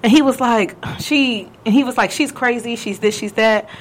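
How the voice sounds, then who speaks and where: Young woman host, slightly high voice, animated storyteller acting out every quote. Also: normal speed. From California. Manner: animated, acts out quotes with big pitch jumps. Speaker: podcast host. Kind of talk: casual storytelling chat.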